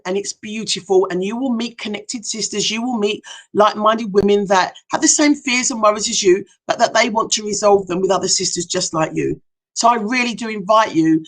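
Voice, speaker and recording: A middle-aged woman, a hypnotherapist and life coach, speaking earnestly and emphatically to viewers on a live stream, often asking them direct questions. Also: a little high. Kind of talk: heartfelt motivational live talk.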